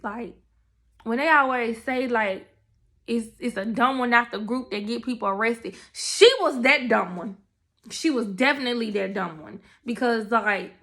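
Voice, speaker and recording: A young woman telling her testimony in casual, animated storytelling, talking straight to her viewers. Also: on the high side. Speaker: testimony speaker.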